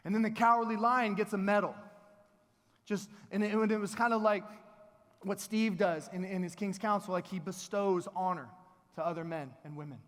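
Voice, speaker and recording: A man in his thirties gives a motivational keynote to a live audience. His voice sits fairly high, and he tells his stories with energy and playful asides. The sound carries a long reverb from a large event hall. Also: fairly even intonation, normal speed, fairly bright tone. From Texas. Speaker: keynote speaker.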